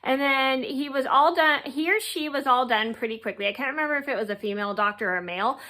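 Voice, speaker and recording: Bright, rambling young woman vlogger. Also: sits high, fast talker. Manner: rambling, many fillers and restarts. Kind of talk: casual storytelling.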